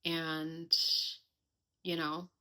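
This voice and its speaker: A woman's voice: deep voice, monotone, very slow, sharp tone. A young woman hosting a casual personal podcast, talking candidly and reflectively with lots of chatty fillers. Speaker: podcast host.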